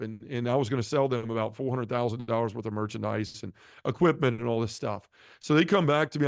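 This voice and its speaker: Man, guest, earnest testimony, quick talker, dry close recording. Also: mid-range voice, no room sound. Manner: earnest, acts out quoted dialogue. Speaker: podcast guest. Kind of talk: personal testimony storytelling.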